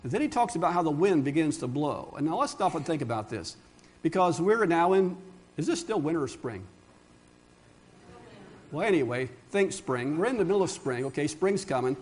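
A man's voice: a little high, very animated, normal speed, darkish tone. A middle-aged male pastor preaching a sermon in an earnest, conversational way, with asides and restarts.

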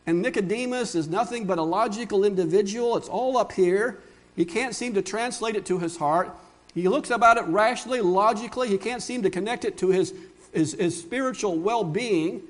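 A man's voice: sits high, a little fast. A middle-aged male pastor preaching a sermon in an earnest, conversational way, with asides and restarts.

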